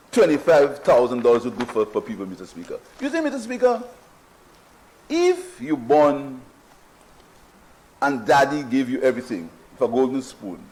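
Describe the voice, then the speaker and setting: A Saint Lucian man speaks in a parliamentary budget debate. His high voice rises and falls widely as he mocks the other side. He keeps repeating his phrases for emphasis. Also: darkish tone, slight background noise, poor audio. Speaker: prime minister in parliament. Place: parliament chamber.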